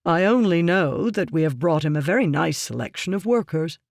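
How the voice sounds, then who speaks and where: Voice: medium pitch, lively intonation, normal speed, creaky, no room sound, studio quality. An audiobook reader voicing a ruthless, scheming merchant man who talks down to others in a curt, lecturing way. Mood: dismissive. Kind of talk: audiobook character reading.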